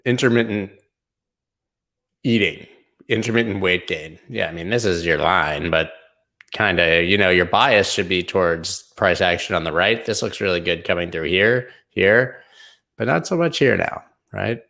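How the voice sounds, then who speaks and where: A man's voice: low-pitched, normal speed, creaky, sharp tone. A man hosting a live crypto stream, talking casually and loosely over price charts with slang and asides. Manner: loose, rambling, slangy, hums and sings snippets. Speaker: crypto show host.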